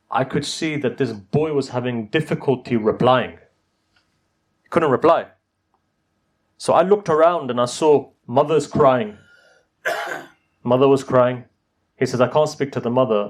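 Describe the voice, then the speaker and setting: A man's voice: mid-range voice, darkish tone. A man giving a sermon, telling stories and pressing his points with rising emphasis. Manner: storytelling, rising to emphatic exhortation. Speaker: Muslim preacher.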